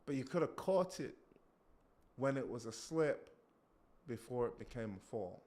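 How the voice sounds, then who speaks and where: A male preacher giving an animated sermon, acting out quotes and breaking off to comment on himself. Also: medium pitch, a little slow. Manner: animated, acts out quotes, self-interrupting.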